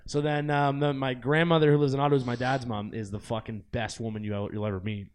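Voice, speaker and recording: A man's voice: mid-range voice, level tone, fast, a little hiss or hum. A man hosting a podcast, rambling and swearing in casual chat with frequent laughs. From Canada. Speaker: podcast host.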